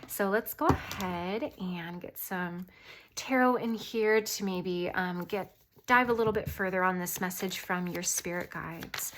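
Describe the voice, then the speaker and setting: A woman with a light voice giving an intuitive tarot reading to her viewers, earnest, reassuring and gently rambling. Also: on the low side, a little slow, slight background noise. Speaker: tarot reader.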